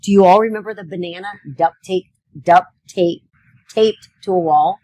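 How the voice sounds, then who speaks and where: A woman co-hosts a live local broadcast from an outdoor street fair, talking in a casual, playful way and laughing often. Her voice is slightly husky, and the sound is dry and close. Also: on the low side, normal speed, dark tone, no room sound, low-quality recording. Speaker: co-host of a live local show.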